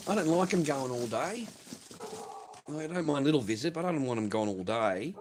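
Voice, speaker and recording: A man's voice: mid-range voice, expressive, brisk, darkish tone, a little hiss or hum. Blunt, swearing Australian man. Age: middle-aged. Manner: blunt, profane and rambling, repeats himself. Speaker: livestream host reading viewer messages. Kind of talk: casual livestream chat.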